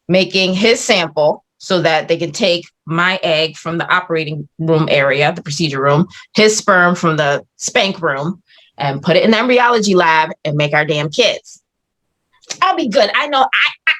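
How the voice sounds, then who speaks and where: A woman's voice: sits low, moderate pace, a bit bright. Foul-mouthed woman telling a story. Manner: profane, dramatic, blunt. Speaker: podcast guest. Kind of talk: casual storytelling chat.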